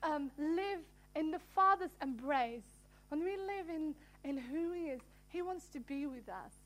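A woman with a high, light voice leads a small prayer gathering. She speaks earnestly and gently, pausing and restarting as she reads a devotional passage aloud.

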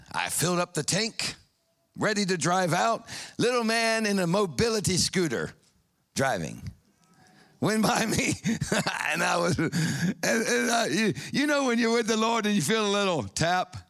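A man preaching a sermon, telling a story with excited high bursts and hushed, solemn passages. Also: no echo, clean studio sound.

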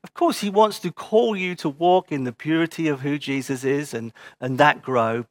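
A man's voice: fairly high pitch, normal speed, hardly any pauses, no echo. A man preaching a sermon as pastor, earnest and emphatic, repeating short phrases, then giving church notices.

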